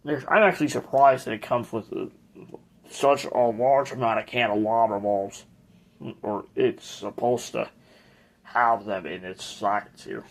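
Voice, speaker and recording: A man's voice: medium pitch, fairly even intonation, measured pace, gravelly. A man hosting a casual tour of his ceiling fan collection, speaking in a hesitant, rambling way with frequent restarts.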